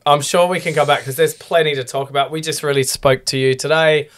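Relaxed podcast host. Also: male voice, a little high, fairly quick. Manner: relaxed, chatty, loose phrasing. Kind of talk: casual chat.

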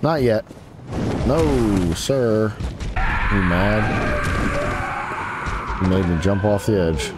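Very slow and with long pauses, a gaming YouTuber narrates his let's play, jeering at enemies while his voice leaps high in frustration. Loud music and game sounds play behind his voice.

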